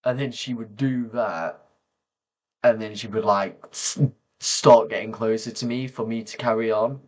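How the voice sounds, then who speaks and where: A man talking slowly and softly to camera, pausing often as he reflects on personal memories. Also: lowish voice, steady tone. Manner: slow, soft-spoken, pausing often. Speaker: vlogger.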